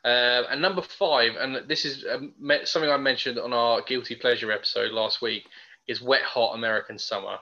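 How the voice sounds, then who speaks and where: Enthusiastic man, bright voice. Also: mid-range voice, steady tone, fairly quick. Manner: enthusiastic, rambling with fillers. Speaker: podcast co-host. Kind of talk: casual film chat. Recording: dull lo-fi podcast audio.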